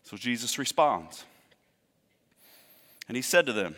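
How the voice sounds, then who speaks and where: A man preaching a sermon in a conversational way, swinging between loud emphasis and hushed asides. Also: mid-range voice, very animated, a little slow, pauses often, in a large hall. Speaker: pastor.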